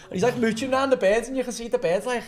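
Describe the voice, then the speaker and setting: High-voiced lad, bantering. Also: male voice, rapid-fire. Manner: jokey, calls people "lad". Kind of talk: casual banter.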